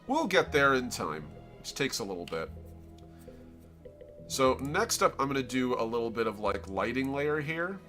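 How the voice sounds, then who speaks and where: A very animated man with a bright, forceful, mid-range voice speaks at normal speed, faint music behind him. He has a Floridian accent, hails from Florida, United States, and rambles casually on a live stream, breaking off his own thoughts as he explains what he's drawing.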